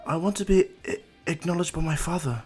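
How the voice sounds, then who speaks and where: A man's voice: a little high, a little fast, darkish tone, breathy edge, faint music behind, voice pushed up. A man voicing a shy, nervous young girl ninja who stammers and hesitates. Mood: flustered.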